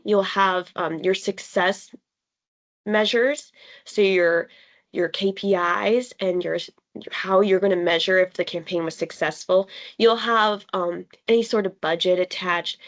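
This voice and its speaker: Woman facilitator, easygoing conversational teacher, mid pitch, uses pauses for emphasis, video-call sound. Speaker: workshop facilitator. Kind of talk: teaching a live online design workshop.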